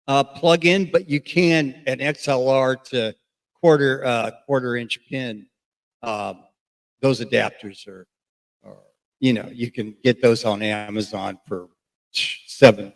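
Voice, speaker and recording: A middle-aged man giving a casual, rambling gear review as a radio host, with many fillers and restarts. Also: medium pitch.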